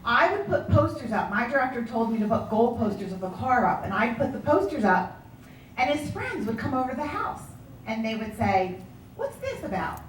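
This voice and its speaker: A woman sales director telling her story in a motivational speech, animated and acting out the voices of people she quotes. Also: on the high side, fairly quick, a little hiss or hum. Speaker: sales director giving a talk. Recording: echoey room from far off.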